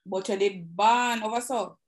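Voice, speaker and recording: A woman with a Jamaican accent asking questions in a casual interview, reacting with quick exclamations. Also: mid-range voice.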